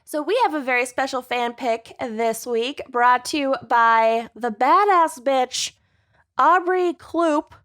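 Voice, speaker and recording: A woman's voice: high-pitched, takes it slowly, a bit bright. A woman hosting a podcast in casual, playful chat with friends. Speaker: podcast host.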